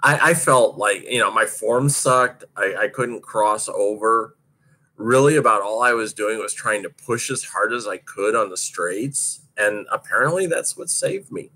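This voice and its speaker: Recounting a tough roller derby practice, a man speaks in a lowish, slightly slow voice that's bright and forceful with a breathy edge. His casual storytelling is full of laughter and free swearing.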